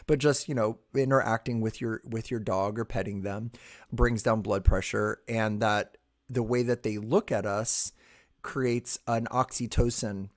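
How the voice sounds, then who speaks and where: A man with a low voice talks through a casual podcast conversation. He is animated and teasing, and his pitch leaps high when he laughs. He switches between earnest advice and joking asides. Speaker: podcast host.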